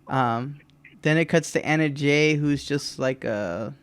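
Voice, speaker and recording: Podcast co-host, male; smooth, dry-recorded, playful recap voice that mimics the characters. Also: a little high, slow, no echo. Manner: animated retelling, mimics wrestlers' lines with laughs. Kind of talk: casual chat recapping a wrestling show.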